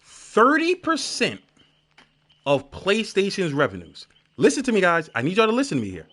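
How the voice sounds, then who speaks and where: A man with a high, bright voice that jumps all over its range, ranting casually on a game stream. He swears freely and breaks into loud shouted crowd noises while he tells a story, then drops back to lecturing his viewers. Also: fast. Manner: profane, animated storytelling with shouted crowd imitations.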